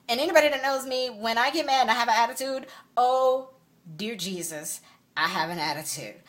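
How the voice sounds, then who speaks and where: A woman's voice: fairly high pitch, a little fast, fairly bright tone. A woman vlogger telling a story to her phone camera in a sassy, emphatic, indignant way. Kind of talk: casual storytelling vlog.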